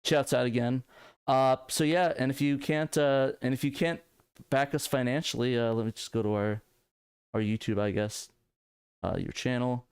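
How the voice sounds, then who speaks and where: A man co-hosting a casual live stream, easily excited and bursting into laughing exclamations. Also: mid-range voice, moderate pace, smooth, no room sound, clean studio sound. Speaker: podcast co-host.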